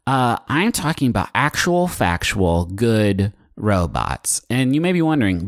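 A man's voice: medium pitch, big pitch swings, measured pace, hardly any pauses, dry recording, studio quality. A man in his thirties co-hosting a podcast in casual chat, rambling and jokey. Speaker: podcast co-host.

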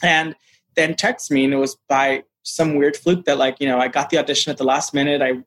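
A man being interviewed as an actor, telling a story in a casual, animated way, full of "like" and "you know" and acting out what people said. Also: mid-range voice, fairly quick. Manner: animated, acts out quoted dialogue; frequent fillers like "like" and "you know". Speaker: actor guest.

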